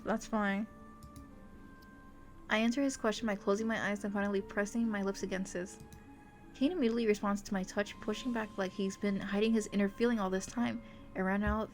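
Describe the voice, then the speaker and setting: Giggly woman streamer reading romance aloud. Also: medium pitch. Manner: giggly, gushing asides between dramatic narration. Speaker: VTuber streamer. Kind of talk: reading a romance visual novel aloud with reactions.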